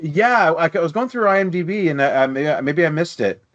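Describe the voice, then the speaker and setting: A man's voice: fairly high pitch, lively intonation, fairly quick, fairly bright tone, lo-fi sound. A man co-hosting a movie podcast, rambling in casual chat with asides and swearing. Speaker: podcast co-host.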